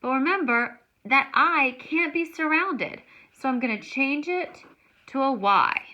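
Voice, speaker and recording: A woman's voice: high-pitched, lively intonation, a little slow, sharp tone, muffled recording. A woman teaching a grammar lesson, explaining each step patiently. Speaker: Spanish teacher.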